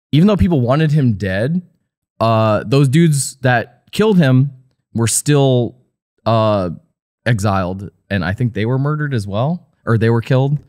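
A man's voice: fairly low pitch, a little mellow, dry recording, clean studio sound. A man co-hosting a podcast, recounting researched notes in casual chat, laid-back and hesitant with many fillers. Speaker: podcast co-host.

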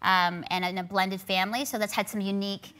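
A woman hosting a show before a live studio audience, chatting casually and emphatically. Her voice is bright and forward, pitched mid-range for a woman, and she stacks repeated phrases for emphasis. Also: brisk. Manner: animated, emphatic repetition. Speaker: show host. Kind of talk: casual on-stage conversation.

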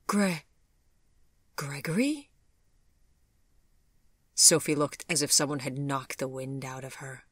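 Woman, audiobook narrator, low voice, slow, measured, dry close recording. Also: flat delivery, fairly bright tone, no echo. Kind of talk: storybook narration.

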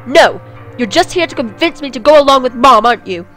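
A woman voicing an upset fifteen-year-old princess who shouts and complains. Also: on the high side, animated, normal speed, soft background music, lightly acted. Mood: angry shouting. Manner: shouting, whiny. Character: upset teenage princess, moody and tearful.

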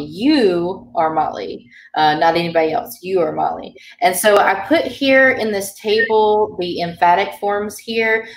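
A woman with a fairly low voice teaches a beginner language class, patiently explaining grammar with many ums. She sounds slightly far from the mic, in a spacious-sounding room.

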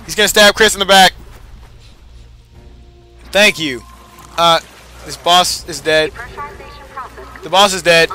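A man's voice: high voice, slow, long pauses, bright, forceful tone, faint music behind. A young man giving casual, frustrated gameplay commentary, swearing and cheering himself on. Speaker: gamer.

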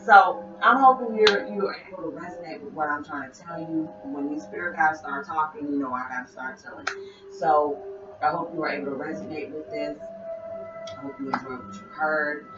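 A woman's voice: low-pitched, brisk, roomy sound, distant mic. Woman vlogger, casual spiritual chat, rambling and repetitive, dull lo-fi sound, music behind. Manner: rambling, repeats phrases, addresses viewers directly. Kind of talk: casual spiritual talk to viewers. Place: at home, listening to music. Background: music playing.

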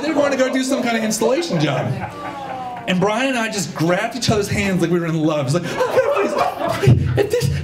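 Male stage storyteller, animated, acts out his characters, swooping pitch. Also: reverberant. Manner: animated, acts out voices, audience laughter. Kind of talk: live personal storytelling. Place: stage at a live storytelling show. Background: audience laughter.

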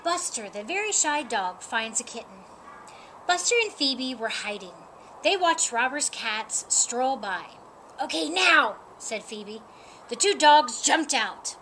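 A woman reading a children's picture book aloud in a slow, expressive, sing-song way. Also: fairly high pitch, slight background noise. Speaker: storybook reader.

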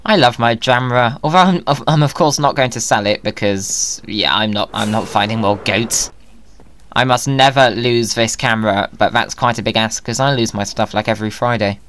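A man's voice: medium pitch, moderate pace, a bit bright. A man giving playful, jokey commentary over his own gameplay, often talking to himself. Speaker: Minecraft video creator.

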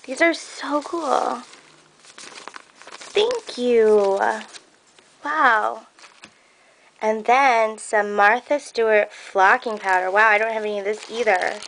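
A woman chatting excitedly as she unboxes craft gifts, gasping and gushing, with lots of "like" and "oh my God". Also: fairly high pitch, slow pace, pauses often, slight background noise, low-quality recording. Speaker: crafting vlogger. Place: crafting room at home.

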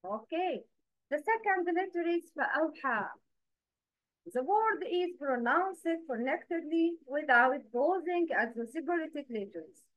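High-pitched woman teacher, slow and patient, asks you to repeat after her, dull dry lo-fi sound. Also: animated, no room sound. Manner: counts and quizzes listeners directly. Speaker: Quran recitation teacher.

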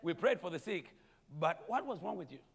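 A man preaching a sermon as pastor, animated, calling out to the congregation and chuckling between points. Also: high voice, brisk, vocal fry, slightly rough, in a large hall. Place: church sanctuary.

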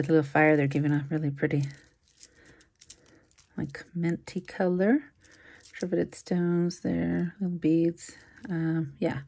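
Woman, low voice, husky, casual chatty unboxing commentary, musing aloud. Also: darkish tone. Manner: chatty, musing aloud, frequent likes and ums. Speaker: jewelry reseller.

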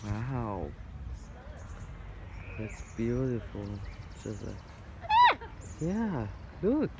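A man's voice: mid-range voice, big pitch swings, very slow, gravelly, background noise. Man fondly coaxing his pet bird. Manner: coaxing, fond, repeats words to the bird. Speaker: pet owner filming his cockatoo. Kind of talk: casual talk to a pet. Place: outdoors at a children's farm.

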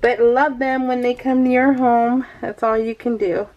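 A woman's voice: on the high side, fairly even intonation, normal speed, highs cut off. A young woman with a stuffed-up voice from the flu, rambling in casual chat as a scrapbooking vlogger and sighing often. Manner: chatty, rambling, sighs often. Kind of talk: casual chat while crafting.

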